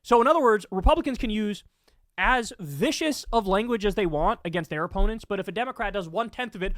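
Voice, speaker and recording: A man's voice: high-pitched, fairly quick, fairly bright tone, no echo, studio quality. A man hosting political commentary, ranting angrily with lots of swearing. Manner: angry, profane ranting.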